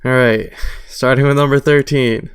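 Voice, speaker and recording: An easygoing, enthusiastic man co-hosting a casual podcast. His voice is resonant and clean, sitting at a middle pitch. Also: steady tone, normal speed, smooth. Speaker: podcast co-host. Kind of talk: casual chat.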